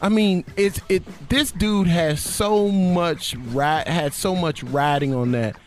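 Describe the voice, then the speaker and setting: A man's voice: slow, soft background music. A man co-hosting a sports talk show, boastful and playful in casual banter. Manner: boastful, playful, hits high notes for effect. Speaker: co-host.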